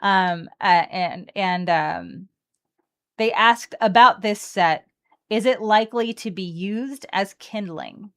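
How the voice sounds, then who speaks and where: This co-host of a card game stream speaks at a medium pitch and a slow pace. She keeps the mood light while cracking open card packs, bantering and reading out what the cards say.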